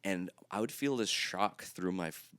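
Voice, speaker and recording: A man co-hosting a podcast, telling a story in casual chat, profane and animated, acting out his own reactions. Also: deep voice, moderate pace, no room sound. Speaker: podcast co-host.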